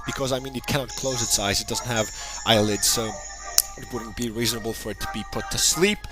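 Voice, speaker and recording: A man narrating a game battle in a casual, rambling way, cracking jokes and breaking into excited bursts now and then. His voice sits at an ordinary middle pitch. Background music plays clearly behind him. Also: a little fast, poor audio. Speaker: gaming channel host. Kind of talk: casual battle commentary over gameplay.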